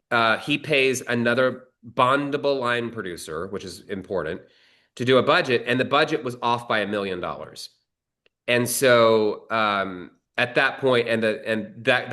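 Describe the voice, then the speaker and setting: A man's voice: medium pitch, moderate pace, sharp tone. A male screenwriter telling a long anecdote in a casual, rambling way, with frequent restarts and some swearing. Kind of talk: conversational storytelling.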